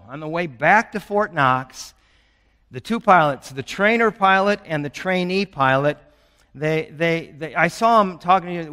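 With a voice on the high side and a touch of brightness, a man in his sixties preaches as pastor, the sanctuary's long reverb trailing his words. He pairs scripture with personal anecdotes, speaking earnestly as the urgency builds.

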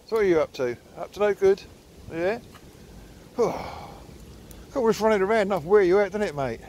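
A middle-aged man, walking outdoors with his phone in hand and chattering to his dogs. He teases them in a bouncy, sing-song voice that sits a touch high and swings widely. Light outdoor hiss runs underneath. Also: animated, moderate pace, darkish tone. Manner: chatty, teasing, sing-song talk to pets. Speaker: dog owner filming a walk. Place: outdoors by water in the countryside. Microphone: phone held while walking.

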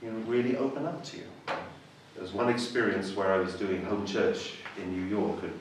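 Speaking in a low, steady voice at a moderate pace, an Englishman from the church shares his testimony. He pokes fun at himself and performs the voices of the people in his story. A noisy background and a distant, echoey room mark the recording.

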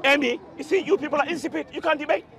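A man's voice: extremely high pitch, gravelly. A man in a heated street debate, cutting in and repeating words over and over. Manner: interrupting, repeating words rapidly. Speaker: street preacher debating hecklers. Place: busy outdoor street. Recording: outdoor street recording with crowd noise.

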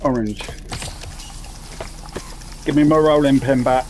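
A man's voice: mid-range voice, steady tone, slow pace, a little mellow. Sweary man commentating a game. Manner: sweary, talks to himself while playing. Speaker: gaming commentator. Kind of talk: casual gameplay commentary. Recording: clear background noise.

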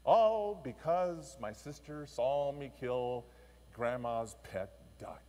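A man voicing a guilty young boy who speaks in a halting, anguished way. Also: medium pitch, expressive, dark tone. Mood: frustrated. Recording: long church reverb.

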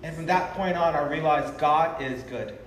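A man's voice: a little high, moderate pace. A man preaching an emotional revival sermon, earnest and pleading, drawing out his phrases tenderly. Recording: roomy, distant live sermon audio with faint noise.

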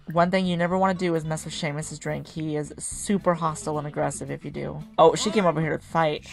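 A woman's voice: low-pitched, fairly even intonation, fairly quick, creaky, hardly any pauses. A woman hosting a video game channel, giving chatty, casual let's-play commentary and giggling often. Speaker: gaming channel host. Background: faint game music.

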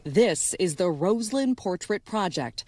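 A woman's voice: mid-range voice, expressive, measured pace, background noise. A woman narrating a feature news story in a storytelling voice-over. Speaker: news correspondent.

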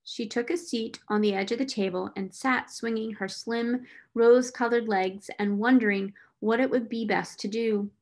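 Brief: female narrator, slightly high voice, clear and expressive audiobook reading. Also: moderate pace, few pauses. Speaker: reader. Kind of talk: audiobook reading of a classic novel.

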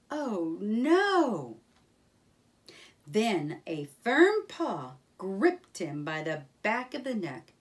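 Slow, expressive woman reading a story. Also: mid-range voice. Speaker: storybook reader. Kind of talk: reading a children's book aloud.

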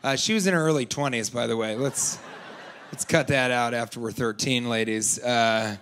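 Deadpan man doing stand-up. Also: mid-range voice, normal speed, clear, resonant tone. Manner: deadpan, rambling asides. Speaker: stand-up comedian. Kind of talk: stand-up comedy. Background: audience laughter.

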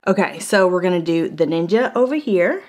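A woman's voice: on the low side, animated, fairly quick, darkish tone. Playful woman vlogger cooking and chatting. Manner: playful, joking, laughs often. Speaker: product reviewer. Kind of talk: casual chat while cooking. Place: home kitchen.

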